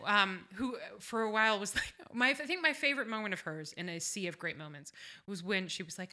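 A woman co-hosts a podcast in loose, casual chat, laughing easily and swearing freely. Her voice is bright and sits at a middle pitch. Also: fairly quick. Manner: chatty, swearing, bursts of laughter and singing. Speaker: podcast co-host.

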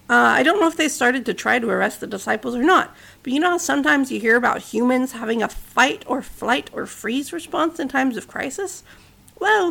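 A woman's voice: on the high side, vocal fry, a bit bright. A woman hosting a podcast, telling a story in a casual narration with chatty asides to the listener.

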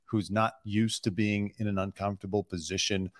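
A man's voice: on the low side, flat delivery, moderate pace, no room sound, clean studio sound. Sarcastic man telling gossip. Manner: joking, sarcastic, storytelling with put-on quotes. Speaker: podcast host, former celebrity news cameraman. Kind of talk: casual comedic chat.

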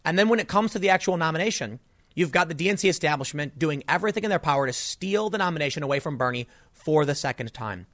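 A man's voice: fairly high pitch, expressive, a bit bright, no echo. Exasperated man ranting in dry close sound. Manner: exasperated, ranting, fast with restarts. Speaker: political commentary host. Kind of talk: solo political commentary.

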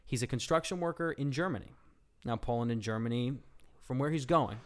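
A man's voice: medium pitch, fairly quick. A young man hosting a casual podcast, telling a story and joking with his co-host, often breaking into laughter.

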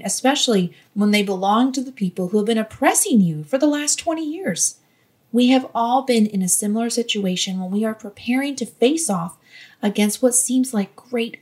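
This is a woman delivering a devotional Bible lesson. She sounds earnest and gently encouraging. Her voice sits a little high and has a soft, breathy edge. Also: lively intonation, normal speed. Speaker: Bible teacher.

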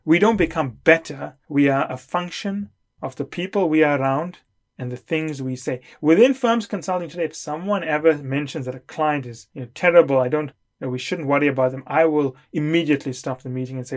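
Middle-aged guy lecturing hard about how to work, kinda high-pitched. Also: brisk. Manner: emphatic, lecturing. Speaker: consulting coach. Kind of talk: lecture to camera.

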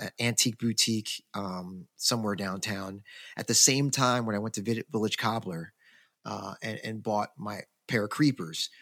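A man, a podcast co-host, telling a long story in casual chat, rambling and animated with many fillers and restarts. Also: lowish voice, no room sound, studio quality.

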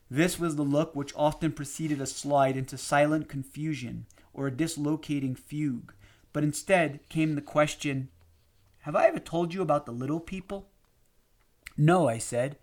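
A man narrating a memoir audiobook in a measured, steady reading. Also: medium pitch.

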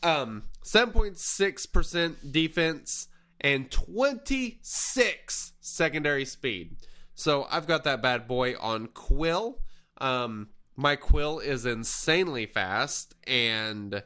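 A man hosting a casual gaming podcast, talking in a relaxed, rambling way with plenty of fillers. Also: mid-range voice, slow. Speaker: podcast host.

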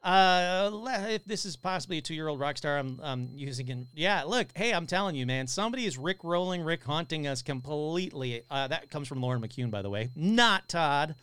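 A man hosting a live paranormal podcast, chatting casually and excitably as he reads out viewer comments, swearing now and then. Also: fairly high pitch, normal speed, few pauses, clean tone, dry recording.

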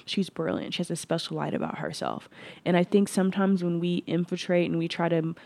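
A woman with a mellow, slightly low voice hosts a reflective solo podcast. She speaks earnestly, with restarts and plenty of "like". The sound is close and dry, with no room in it. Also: fairly even intonation, brisk, gravelly, no room sound. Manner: earnest, frequent restarts and "like" fillers. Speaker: podcast host. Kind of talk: reflective personal monologue.

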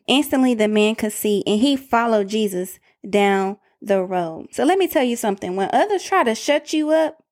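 A woman's voice: fairly high pitch, normal speed, few pauses, a little mellow. A woman preaching a sermon in an emphatic way, calling out to her listeners.

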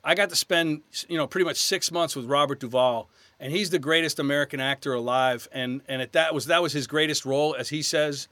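A man's voice: on the high side, brisk, hardly any pauses, bright, forceful tone, no room sound. A man from New York, guest actor on a casual podcast interview, telling chatty, self-deprecating stories.

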